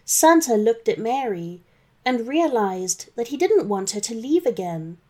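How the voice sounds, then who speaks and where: A woman narrating a children's story in a gentle, expressive read-aloud manner. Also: a little high, unhurried.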